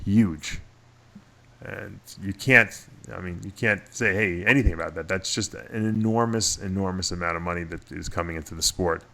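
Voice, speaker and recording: A man's voice: deep voice, a little fast, creaky, few pauses. A middle-aged man with a New York accent, chatting casually as a radio show host and telling stories with a laugh. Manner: animated storyteller, laughs at himself. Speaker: podcast host. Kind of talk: casual chat.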